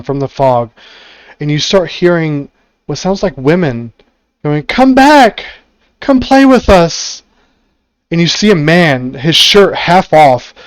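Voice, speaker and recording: A man narrating a tabletop game as game master, descriptive and pausing on fillers. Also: on the high side, no room sound.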